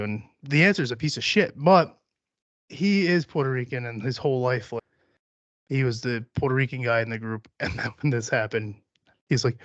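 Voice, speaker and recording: A man's voice: medium pitch, normal speed, no echo, dull audio. A young man hosting a solo podcast, rambling and joking with plenty of profanity. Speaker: podcast host.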